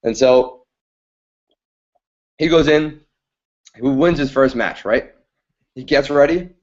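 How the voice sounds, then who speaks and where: A man telling a story in a casual way on his live stream, often checking in with listeners with a quick "right?". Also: medium pitch, darkish tone. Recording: dull lo-fi stream audio.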